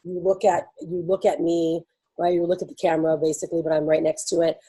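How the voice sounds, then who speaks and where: Speaking fast with little pitch movement, an event host explains things to attendees in a lowish, warm, husky voice. She's casual and bubbly, laughing frequently and peppering her talk with "like" and "you know," captured on a rough recording.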